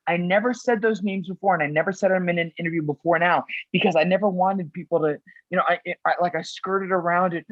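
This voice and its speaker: A woman's voice: fairly low pitch, quick pace, hardly any pauses, no room sound. A middle-aged woman, an actress and producer, being interviewed on a podcast. She rambles animatedly through her stories and acts out other people's voices. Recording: dull, dry remote recording.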